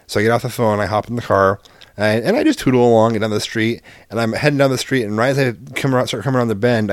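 Man, casual storytelling, acts out dialogue, swears, low voice, dead-dry sound. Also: no echo. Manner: animated, acts out both sides of dialogue, swears freely. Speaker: parent telling a story.

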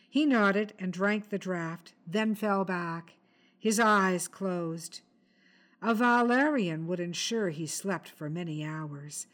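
A woman reading a short story aloud in a measured, expressive storytelling manner. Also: medium pitch. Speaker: story reader. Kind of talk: scripted narration.

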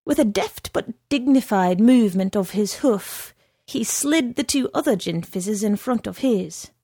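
A woman reads a novel aloud at a slow, patient pace. Her delivery is measured and even. The recording is dry and close, with no room sound. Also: mid-range voice, breathy edge, no echo. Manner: measured, unhurried reading. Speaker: narrator. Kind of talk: scripted narration of a novel.

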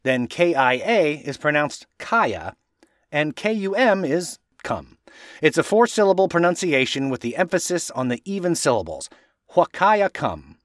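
A man from Washington state hosting a podcast, reading a script playfully and spelling out place names slowly to correct how they are said. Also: on the high side, big pitch swings, dry recording, clean studio sound. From Washington state, USA. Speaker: podcast host.

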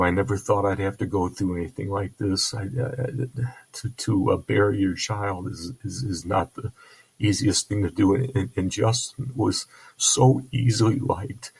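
An older man telling a personal story as a bereaved father, halting with frequent restarts and repeated words, earnest and heavy with grief. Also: fairly low pitch, fairly even intonation, vocal fry, breathy edge, low-quality recording. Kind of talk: personal testimony.

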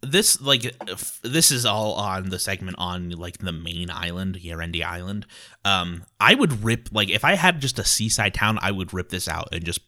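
Bright-voiced man, rambling podcast co-host. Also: sits low, moderate pace. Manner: rambling and animated, full of "like" fillers. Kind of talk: casual chat about tabletop adventures.

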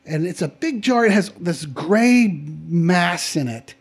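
Animated high-voiced man telling a story. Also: slow pace, slightly rough. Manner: conversational, animated, acts out quoted voices. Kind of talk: personal storytelling.

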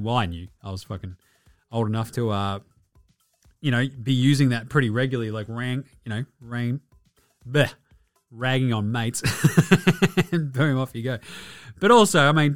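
A man's voice: mid-range voice, a bit bright, dry recording, clean studio sound. An Australian man in his thirties hosting a casual sports podcast, sweary, irreverent and rambling. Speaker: podcast host.

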